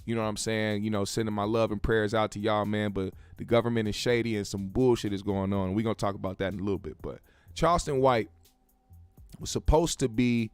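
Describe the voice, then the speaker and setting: A man's voice: lowish voice, a little fast, smooth, no room sound, faint music behind. A man hosting a show, giving laid-back, joking commentary full of profanity. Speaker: show host. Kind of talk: casual commentary.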